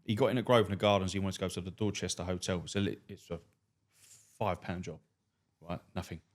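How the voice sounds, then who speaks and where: A low-voiced, fast-talking man who is both a cab driver and a stand-up comic tells blunt, profane stories on a podcast. He's a deadpan storyteller, and his anecdotes are full of swearing.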